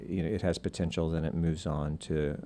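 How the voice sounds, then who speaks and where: A middle-aged man from Alabama, a guest author and artist, chatting casually in an interview with easy, drawn-out words. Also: a bass voice, flat delivery, warm tone.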